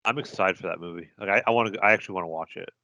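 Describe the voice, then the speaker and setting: Racing along in a low, pushed and bright voice, a male podcast co-host argues enthusiastically about movies as a fan in casual chat. There's slight background noise in the recording.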